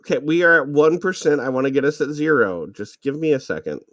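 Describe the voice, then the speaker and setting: A man's voice: fairly high pitch, sing-song, fast talker, dry recording. Hesitant man flying in a game. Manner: hesitant, focused on the controls. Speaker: game player piloting. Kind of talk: casual gaming chat.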